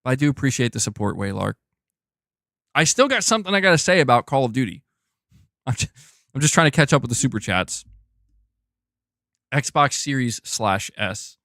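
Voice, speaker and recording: A man hosting a gaming news livestream, reading viewer messages in casual, excitable chat and calling people "dude". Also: mid-range voice, fast, vocal fry, pauses often, dry recording, clean studio sound. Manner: excitable and chatty, often says "dude".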